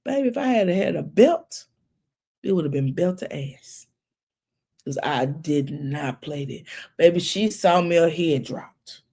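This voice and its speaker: A woman's voice: sits low, measured pace, gravelly. A woman, talking casually to her viewers, preachy and folksy, who keeps calling them baby. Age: 40s. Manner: preachy, animated, folksy, calls listeners baby. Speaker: commentary channel host. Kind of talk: casual commentary with storytelling.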